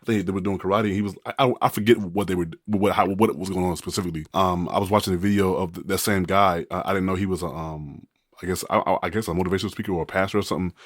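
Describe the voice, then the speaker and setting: A man's voice: sits low, fairly even intonation, racing, dry recording, clean studio sound. A man co-hosting a podcast in casual chat, telling stories with many restarts and the odd joke. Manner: rambling storyteller with many restarts, jokey. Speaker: podcast co-host.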